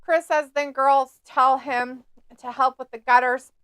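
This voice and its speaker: A woman's voice: sits high, fairly even intonation, a little slow, fairly bright tone, clear, resonant tone, dry recording. A woman co-hosting a live stream, chatting casually, laughing often and reading viewer comments aloud. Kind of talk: casual watch-along chat.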